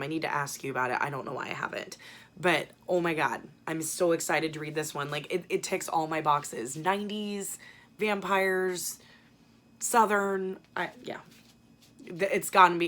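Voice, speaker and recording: A woman's voice: fairly low pitch, a bit bright. A young adult woman chatting casually as a book vlogger, rambling and swearing now and then. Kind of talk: casual book haul chat.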